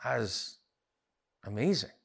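A man's voice: mid-range voice, very animated, takes it slowly, creaky, fairly bright tone, husky. A man as pastor preaching a sermon, earnest, building to emphatic repeated phrases. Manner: earnest, rising emphatic repetitions.

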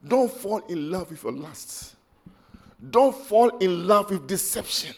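A man's voice: high-pitched, lively intonation, moderate pace. A man preaching an emotional, impassioned sermon.

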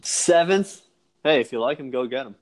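A man's voice: medium pitch, steady tone, rapid-fire. A young man co-hosting a podcast in casual sports chat, teasing and sarcastic, swearing freely. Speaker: podcast co-host.

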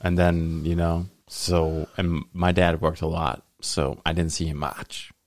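Laid-back man with a very deep voice. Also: little pitch movement, slight background noise. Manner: laid-back, halting, with fillers like "you know". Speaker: podcast host. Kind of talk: casual podcast chat.

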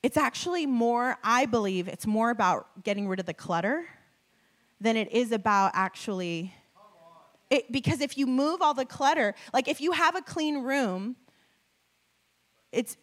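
A woman preacher giving a sermon to a live audience, telling a personal story in a conversational, animated way with frequent laughs and fillers. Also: on the high side, moderate pace. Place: before a live audience with slides.

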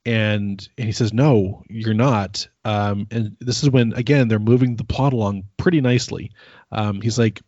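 A man's voice: fairly low pitch, steady tone, normal speed, a little mellow, no room sound, muffled recording. A man co-hosting a podcast, rambling through an episode recap and acting out the scenes in quoted voices. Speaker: podcast co-host. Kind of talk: casual chat recapping an episode.

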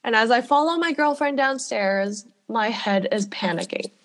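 A woman co-hosting a casual podcast, reading a listener's story aloud with lively delivery and frequent laughter. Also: on the high side, normal speed. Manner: animated storytelling, laughs often. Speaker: podcast co-host.

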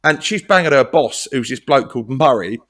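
A man's voice: medium pitch, animated, a little fast, a bit bright. A man co-hosting a casual film chat, swearing often, laughing, and acting out lines from the film. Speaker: podcast co-host.

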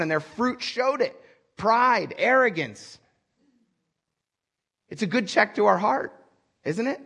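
A male pastor takes his time, speaking slowly with long pauses as he gives an animated, conversational sermon. He often poses direct questions to the congregation, his fairly high voice husky and breathy.

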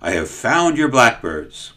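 A brusque royal servant in a storybook reading, talking roughly and giving orders, voiced by a man. His voice sits low but moves a lot. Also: big pitch swings, unhurried, a bit bright. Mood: gruff. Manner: gruff and commanding.

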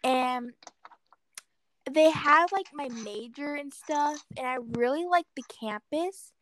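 A woman's voice: sits high, slow pace, a bit bright, rough recording. A teenage girl co-hosting a casual podcast, laughing often and filling her talk with "like". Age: late teens. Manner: giggly, filler-heavy. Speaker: podcast co-host. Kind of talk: casual chat.

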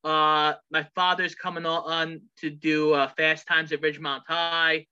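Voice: medium pitch, level tone, pushed and bright, clear, resonant tone. Chatty podcast co-host. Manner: quick, chatty, quotes movie lines. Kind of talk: casual chat. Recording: dull lo-fi sound.

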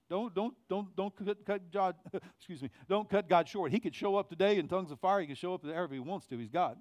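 A middle-aged male pastor preaching a conversational sermon in church, growing loud on key phrases. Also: high-pitched, lively intonation, a little fast, dry recording. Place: church sanctuary.

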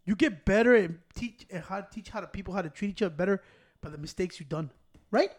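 A man's voice: high-pitched, fast talker. A man on a casual podcast, ranting heatedly with lots of swearing and bits of Spanish. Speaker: podcast co-host. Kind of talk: casual chat.

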